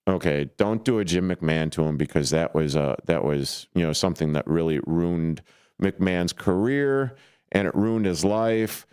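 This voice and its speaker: A man's voice: low-pitched, normal speed, darkish tone, clean tone, dry recording. A man hosting a casual sports talk radio show from a studio, talking in a loose, rambling way with plenty of fillers and restarts. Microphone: studio microphone.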